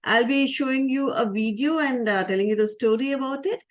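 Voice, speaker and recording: A woman who is a spiritual teacher, telling a story to children in a lively way and asking them questions. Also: high voice, fairly quick. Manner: lively, asks the audience questions.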